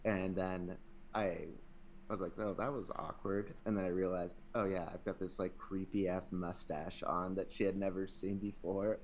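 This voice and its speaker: A man's voice: sits low, little pitch movement, moderate pace, darkish tone, a little hiss or hum. A young adult man hosting a podcast in casual chat, rambling, swearing freely and laughing often. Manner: rambling, profane, laughs a lot. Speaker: podcast host.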